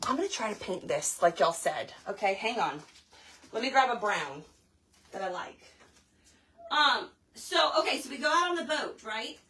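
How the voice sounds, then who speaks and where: Woman hosting a craft stream, bright voice, faint hiss behind. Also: fairly high pitch, normal speed. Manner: chatty, animated, talks to viewers as y'all. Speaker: craft livestream host. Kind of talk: casual storytelling while crafting.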